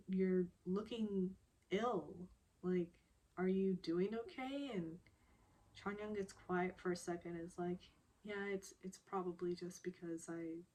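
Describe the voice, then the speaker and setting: A young woman talks through a TV recap in a relaxed, unhurried way, her voice sitting a little low. She speaks softly and hesitantly, with plenty of fillers and small laughs. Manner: slow, soft and hesitant, with fillers and quiet laughs. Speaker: recap vlogger. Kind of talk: casual TV recap.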